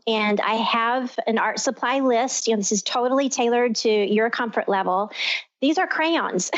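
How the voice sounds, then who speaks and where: Upbeat woman from Texas, high voice. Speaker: radio show host. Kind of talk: casual chat on a talk radio show. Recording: lo-fi radio sound.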